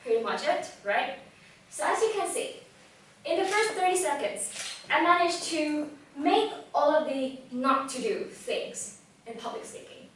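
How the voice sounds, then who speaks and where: High-voiced young woman in an echoey room. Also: a little slow, a little hiss or hum. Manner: lively storytelling, acts out quoted thoughts, asks the audience questions. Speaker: public speaking presenter. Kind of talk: live talk to an audience. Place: event room with live audience. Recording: very echoey room, voice from far off mic.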